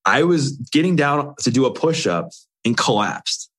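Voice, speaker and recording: A man's voice: medium pitch, expressive, unhurried, fairly bright tone. A man in an interview, earnestly telling his own story in short, run-on phrases. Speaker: interview guest. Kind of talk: candid personal storytelling.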